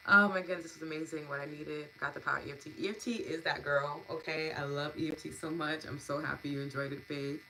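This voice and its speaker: Low voiced lady thanking her stream chat, bubbly and giggly, bit of hiss behind her. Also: steady tone, fast, few pauses, rough recording. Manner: warm, gushing, laughs often, lots of fillers. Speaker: EFT and meditation host. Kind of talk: live-stream wrap-up, reading chat comments.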